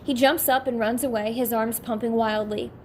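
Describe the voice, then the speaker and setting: Woman reading a story aloud, higher voice. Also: steady tone, moderate pace, a little hiss or hum. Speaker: audiobook narrator. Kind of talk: audiobook reading.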